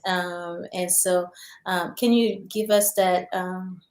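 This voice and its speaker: A woman hosting an interview, affirming her guest with many soft responses. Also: lowish voice, flat delivery, takes it slowly, roomy sound. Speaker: podcast host. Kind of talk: conversational interview.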